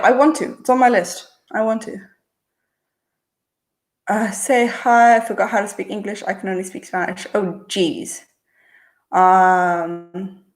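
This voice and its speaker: A young woman hosts a casual livestream Q&A, picking up viewers' questions one by one. Her delivery is relaxed and chatty, and she muses aloud before settling on each answer. Her voice sits at a middle pitch for a woman. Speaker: channel host.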